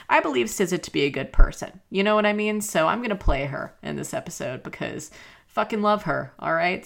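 A woman's voice: sits low, gravelly, fairly bright tone. A woman hosting a podcast, talking candidly and casually, with filler words and swearing. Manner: candid, chatty, swears freely. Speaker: podcast host. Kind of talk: casual monologue.

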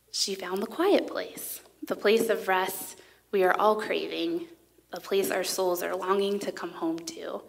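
A woman's voice: medium pitch, vocal fry. A woman speaking at a women's conference, giving a sermon in a conversational tone with frequent filler words. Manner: reads scripture passages aloud.

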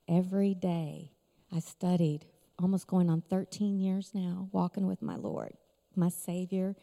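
In a large conference hall with long reverb, a middle-aged woman delivers an emotional personal testimony. She tells it as a story, laughing frequently, in a mellow voice on the low side.

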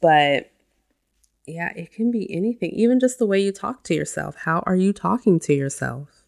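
Woman host, chatty self-help monologue, low and gravelly voice. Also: expressive, normal speed, a little mellow. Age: adult with a child. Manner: chatty, uses lots of "you know" and "like". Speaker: podcast host.

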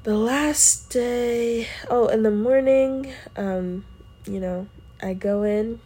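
A woman telling a story in a casual, chatty way. She uses lots of fillers and acts out quoted lines in a higher voice. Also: slow pace, warm tone, slightly rough. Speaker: podcast host.

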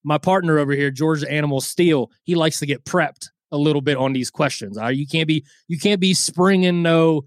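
A man's voice: a little high, steady tone, fairly quick, hardly any pauses, no echo, studio quality. A man co-hosting a boxing podcast in casual, crude, joking banter. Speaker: podcast co-host.

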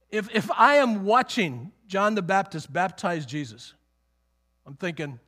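A male preacher with a high, bright, ringing voice works through scripture in a loose, conversational way. He is animated and emphatic and slips into quoted voices as he explains. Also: measured pace. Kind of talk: conversational Bible teaching sermon.

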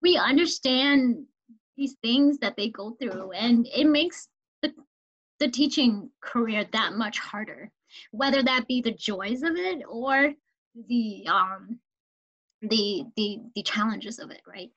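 Earnest woman with a high voice. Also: expressive, slow pace, fairly bright tone, lo-fi sound. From Minnesota, United States. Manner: earnest, emotional storytelling. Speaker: teacher, podcast guest. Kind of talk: casual conversation.

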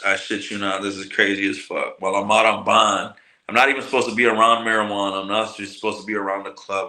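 A man from telling a long story in casual, profane slang, acting out the people he quotes. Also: on the low side. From Michigan, US. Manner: profane, slangy, animated retelling with quoted voices. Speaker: podcast guest, cannabis grower. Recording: roomy echo.

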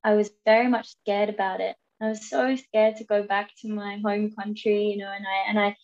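A woman from England, a podcast guest, talking things through in halting bursts with repeated words. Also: medium pitch, little pitch movement, dull audio. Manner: halting, repeats words, acts out quoted lines. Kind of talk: reflective conversational interview.

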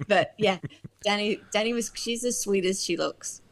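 A woman in a relaxed interview, chatting about her work with lots of restarts and self-deprecating asides. She gets openly emotional and talks at a middling pitch. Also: moderate pace. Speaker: filmmaker being interviewed. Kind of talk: casual interview conversation.

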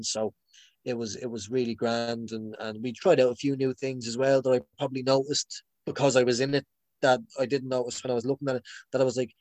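A man's voice: mid-range voice, flat delivery, a little fast, darkish tone, no room sound. Rambling man, dry close sound. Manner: rambling, many restarts and fillers; laughs often. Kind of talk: casual chat.

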